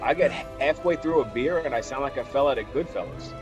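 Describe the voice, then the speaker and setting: A man chatting casually with friends, loud and slangy, swearing freely. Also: mid-range voice, animated, fairly quick, lo-fi sound, over music. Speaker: tabletop game player. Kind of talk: casual group chat.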